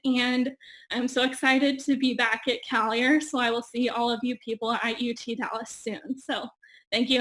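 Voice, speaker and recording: A young woman giving a heartfelt thank-you speech on a video call, full of ums and getting teary. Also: on the high side. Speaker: graduating audiology student.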